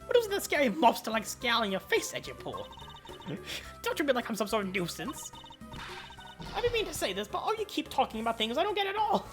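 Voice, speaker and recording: A woman's voice: on the high side, wildly swooping pitch, fairly quick, over music, pitched above the performer's own voice. A woman voicing a nosy, doting old woman who rambles theatrically in a game let's play. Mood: gushing. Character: shrill nosy old woman, gushing and pushy.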